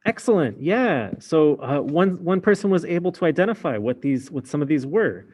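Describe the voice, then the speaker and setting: A man's voice: a little high, very animated, normal speed, a little mellow. A man teaching a French class in a casual explaining way, with many fillers. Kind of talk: recorded class lesson.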